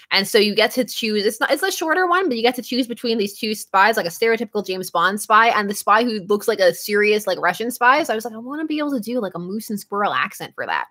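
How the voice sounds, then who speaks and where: A young adult woman chatting casually with her stream viewers, lively and quick to laugh. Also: medium pitch. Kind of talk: casual live-stream chat.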